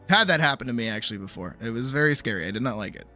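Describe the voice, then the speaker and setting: A woman's voice: very deep voice, expressive, racing, sharp tone, soft background music. A woman streamer chatting casually with her live audience, rambling and acting out other people's voices, swearing freely.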